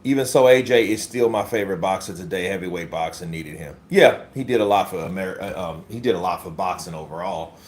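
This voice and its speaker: A man's voice: deep voice, quick pace, few pauses. A man hosting casual boxing commentary on a livestream, blunt and profane, talking to his chat as bro.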